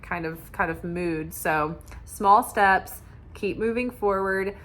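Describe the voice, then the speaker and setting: A woman's voice: medium pitch, measured pace, a bit bright. A young woman talking casually as a tarot reader, rambling with many fillers and restarts. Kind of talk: casual spiritual chat.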